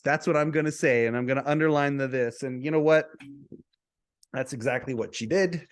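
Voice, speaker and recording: A man's voice: mid-range voice, brisk. A man who hosts a podcast, telling a personal story to camera in a chatty way, often repeating words and restarting. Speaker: podcast host.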